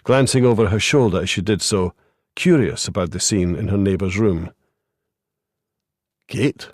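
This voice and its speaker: A man narrating a crime audiobook in a measured, even way. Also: low-pitched, no echo, studio quality. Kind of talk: scripted narration.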